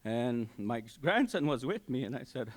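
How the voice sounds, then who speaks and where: An older man gives his personal testimony at a church service, telling it in a halting, heartfelt way with many fillers and restarts. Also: mid-range voice, sing-song, background noise. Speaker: church member giving testimony. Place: community hall church service.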